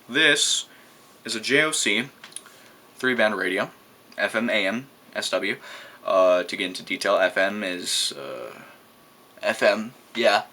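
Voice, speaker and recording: A man's voice: lowish voice, bright, forceful tone. A teenage boy from New Mexico, rambling and hesitant in a casual show-and-tell vlog, swearing freely and using loose slang. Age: teens. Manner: rambling, crude, hesitant with many fillers. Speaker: vlogger showing a gadget.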